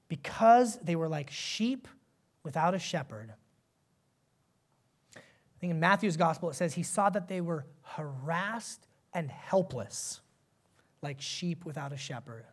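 Animated pastor preaching a conversational sermon. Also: male voice, sits high. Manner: conversational, animated, asks the congregation questions.

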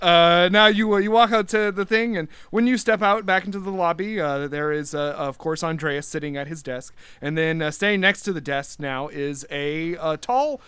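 A young man running a tabletop game as game master, narrating casually with many pauses and restarts. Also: a little high, pushed and bright, clear, resonant tone, dry recording.

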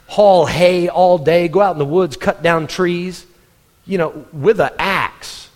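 A middle-aged male preacher tells funny farm stories in an animated way and often laughs along with them. His voice sits a little high for a man. Long reverb trails off each line in the church hall. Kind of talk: humorous sermon storytelling.

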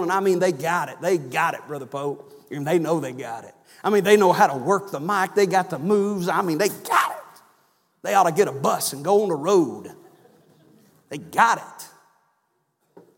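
A man preaching a sermon in church, swinging from loud emphatic cries down to low, soft phrases. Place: church sanctuary. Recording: long church reverb.

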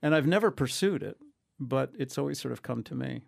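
Male audiobook narrator, gravelly, wry and self-deprecating, in an interview. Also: medium pitch, animated, a little fast. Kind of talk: conversational interview.

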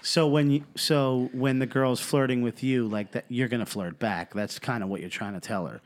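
A man's voice: medium pitch, steady tone, normal speed. A man co-hosting a casual podcast, speaking bluntly and with emphasis, swearing freely. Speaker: podcast co-host.

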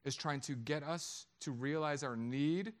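A middle-aged man preaching a sermon, joking with the congregation in an animated way. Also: fairly high pitch, unhurried. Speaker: pastor.

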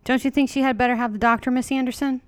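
A woman's voice: sits high, steady tone, fast talker, no echo, clean studio sound, voice pushed up, lightly acted. A woman voicing a frail, worn-out older woman who speaks breathlessly and soothingly, in a dramatic reading of a horror story. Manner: gasping, soothing.

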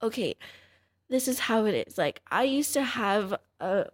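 Rambling, excitable young woman telling stories. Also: medium pitch, measured pace. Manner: rambling, filler-heavy, excitable when retelling scares. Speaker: podcast guest, MMA fighter. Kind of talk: casual storytelling chat.

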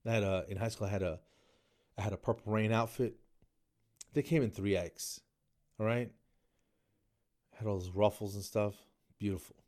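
A man's voice: fairly low pitch, fairly even intonation, moderate pace, pauses often, a little mellow. A man around fifty giving a rambling, mocking comedy monologue, tagging lines with "man" and "dude.".

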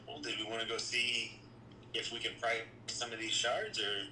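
A man's voice: mid-range voice, little pitch movement, moderate pace, sharp tone. A man playing a tabletop game, answering in brief, laid-back replies. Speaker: player. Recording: roomy echoey sound with faint noise.

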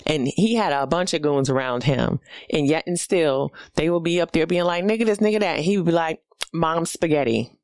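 A woman's voice: low-pitched, moderate pace, darkish tone, no room sound. A woman in her forties with a New York accent, a comedian ranting bluntly and profanely in a casual monologue. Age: 40s. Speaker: comedian hosting a podcast.

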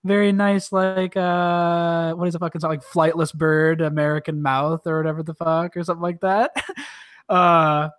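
A podcast co-host recapping a movie in casual chat, excitable and swearing a lot, with heavy filler words. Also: medium pitch, normal speed, smooth, dry recording, studio quality.

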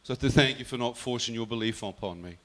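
A man's voice: medium pitch, quick pace, fairly bright tone. A man telling a personal faith story earnestly, often quoting his mother's words. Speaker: guest telling his testimony.

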